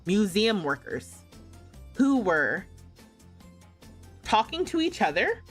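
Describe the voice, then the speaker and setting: A woman's voice: medium pitch, very animated, slow pace, slightly rough, soft background music. A young American woman streaming a game, casually telling a travel story, laughing often and acting out the voices of people she quotes. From United States. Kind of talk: casual storytelling while gaming.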